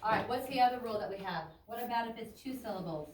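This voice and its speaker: A woman's voice: a little high, fast talker, a little mellow, recorded from a distance, a little hiss or hum. Woman teacher, chatty grammar lesson in echoey room. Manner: chatty, loose, self-interrupting. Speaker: ESL teacher. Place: classroom. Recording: echoey classroom taped from afar.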